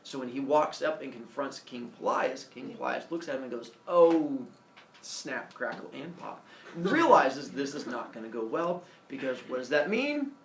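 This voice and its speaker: A man's voice: medium pitch, expressive, moderate pace, creaky, few pauses, a bit bright, a little hiss or hum. A male teacher retelling a myth to his class in a playful, jokey way, acting out the characters. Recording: echoey classroom from far off.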